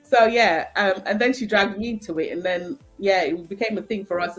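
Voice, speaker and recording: Lively Jamaican woman telling stories. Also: mid-range voice, brisk, soft background music. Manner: animated, laughs often, frequent fillers. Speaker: guest. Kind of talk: casual storytelling chat.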